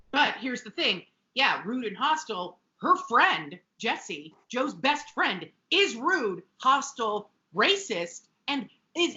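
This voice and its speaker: A woman co-hosts a casual podcast, recapping a sitcom with sarcastic, animated commentary and frequent swearing. Her voice is bright and high, and it swoops all over. The audio is dull and lo-fi. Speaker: podcast co-host.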